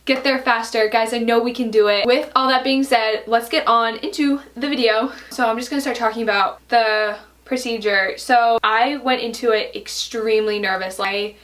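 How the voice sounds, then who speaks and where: A woman's voice: a little high, steady tone, normal speed, hardly any pauses, fairly bright tone, recorded from a distance. A young woman vlogger telling a personal story to camera in a chatty way, full of fillers and "like". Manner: chatty, fillers, many likes.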